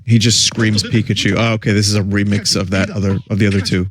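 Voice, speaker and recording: A man's voice: fairly low pitch, flat delivery, fast, a crowd in the background. A man streaming and reacting to old commercials in casual, rambling commentary with chuckling asides.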